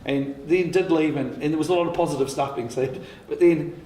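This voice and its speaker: A man's voice: fairly high pitch, fairly even intonation, brisk, mellow. A man, a writer on a panel, telling candid anecdotes with frequent laughter, swearing and restarts. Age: 50s. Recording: echoey hall with faint noise.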